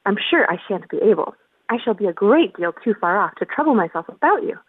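A woman's voice: mid-range voice, big pitch swings, fairly quick, slightly rough, no echo. A woman voicing a puzzled, earnest little girl in a storybook reading, talking to herself in a wondering, fussy way. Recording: tinny phone-like line.

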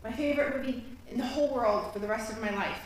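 A woman's voice: on the high side, fast. A woman from Florida telling a personal story on stage, chatty with fillers. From Florida, USA. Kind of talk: live storytelling. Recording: echoey hall.

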